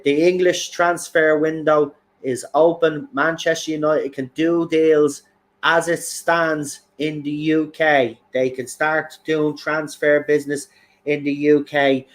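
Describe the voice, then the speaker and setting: Passionate football fan, higher voice. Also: male voice. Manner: passionate, emphatic, repeats himself for effect. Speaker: football fan channel host. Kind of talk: excited fan commentary.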